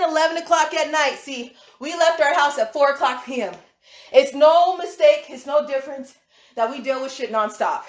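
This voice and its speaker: A high-voiced woman talks straight to her viewers on a livestream, animated and swearing, laughing often. She sounds like a mother with kids in school, and the room around her is echoey. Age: adult with school-age children. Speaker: livestream host. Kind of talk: casual livestream rant.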